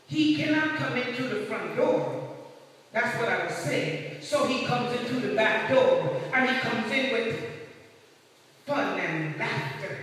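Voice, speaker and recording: High-voiced preacher in an echoey hall. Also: male voice, bright, forceful tone. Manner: emphatic, repeats key words. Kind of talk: sermon. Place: church sanctuary. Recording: echoey church hall, distant mic.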